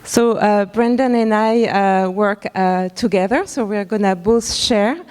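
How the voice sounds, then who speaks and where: A woman, a school's director of advancement, presenting at a member forum and speaking haltingly with many fillers. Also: medium pitch, steady tone, a little mellow, clean tone, in a large hall. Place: large hall at a school forum.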